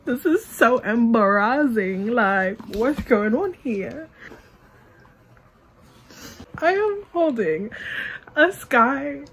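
A young woman hosting her own book vlog in casual, gushing chat, excitable and talkative. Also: fairly high pitch, takes it slowly, slight background noise. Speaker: book vlogger.

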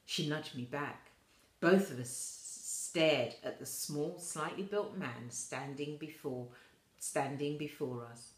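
A woman slowly reading a children's novel aloud, voicing the quoted characters a little higher. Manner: slow, soft reading with quoted voices lifted higher. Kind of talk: storybook read-aloud. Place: school room. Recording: echoey room.

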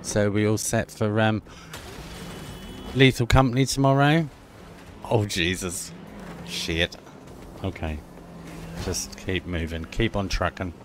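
A man's voice: low voice, flat delivery, slow pace, background noise. A man commentating a let's-play, chatty and joking, talking to himself and making car noises as he drives. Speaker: gaming video host.

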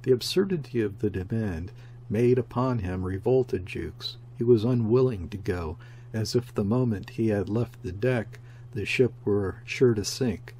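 A man narrating a classic sea story as an audiobook reader, in a steady, measured way. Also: lowish voice, slight background noise.

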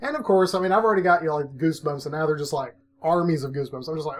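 A middle-aged man with a slightly high voice tells a creepy personal story in a casual, chatty way. He is self-mocking and animated, laughs often, and acts out his own past lines. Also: rapid-fire. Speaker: vlog host telling a personal story.

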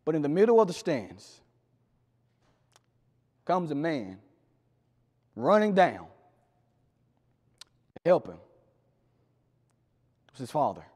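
A man preaching a sermon in a church, swinging from loud emphatic lines to quiet low drops. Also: very animated, slow, long pauses. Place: church sanctuary. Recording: long hall reverb.

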